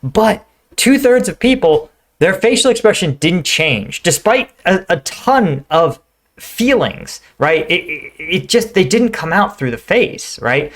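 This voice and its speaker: A middle-aged man with a high voice and big pitch swings hosts a reaction video at an unhurried pace. He talks conversationally, dropping "right?" and "like" often and acting out quoted lines.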